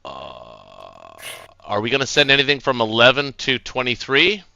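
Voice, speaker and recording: A man's voice: mid-range voice, sing-song, unhurried, gravelly, sharp tone, no echo, highs cut off. A man playing a strategy board game on a live stream, laying out his turn step by step.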